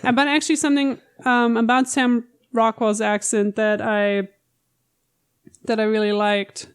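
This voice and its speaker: A woman co-host with a fairly high, smooth voice talks through ideas in casual podcast chat. She is analytical and eager, and she likes to unpack the fine details of how words are said. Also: flat delivery, measured pace. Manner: analytical and enthusiastic, explains pronunciation details.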